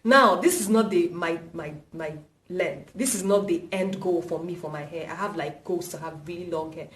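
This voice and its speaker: A woman's voice: lowish voice, normal speed, a little hiss or hum. Emphatic Nigerian woman in an echoey room. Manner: emphatic, repeats points for stress. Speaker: vlogger. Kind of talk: casual hair-care vlog. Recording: roomy echo, mic at a distance.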